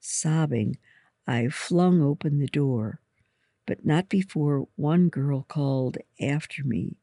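A reader with a gravelly voice telling a story in first person, slowly and deliberately. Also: medium pitch, dark tone, no room sound, studio quality.

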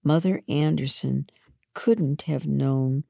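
A woman reading a children's storybook aloud, slow and measured. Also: low voice, gravelly, dark tone, dry recording, clean studio sound. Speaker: reader. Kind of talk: storybook narration.

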